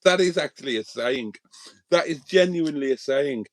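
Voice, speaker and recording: A man's voice: a little high, lively intonation, normal speed, dry recording. Joking man hosting a live stream. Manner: joking banter, reading out viewer names. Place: inside a motorhome.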